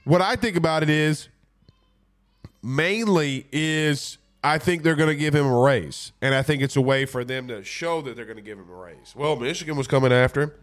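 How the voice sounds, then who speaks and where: A man's voice: on the high side, moderate pace. A man with a stuffy, congested voice, hosting a casual sports talk show and rambling through viewer comments. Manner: laid-back, rambling with fillers. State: congested from a cold. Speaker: podcast host.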